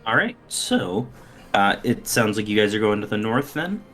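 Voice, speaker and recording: A man running a tabletop game as dungeon master, describing the scene in an unhurried way with frequent ums and uhs. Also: on the low side, very animated, fairly bright tone, soft background music.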